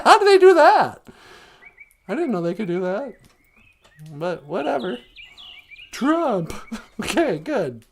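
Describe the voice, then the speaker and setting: A woman from Minnesota doing a sarcastic, grumbling comedic monologue on a live stream from outdoors, laughing often. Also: high voice.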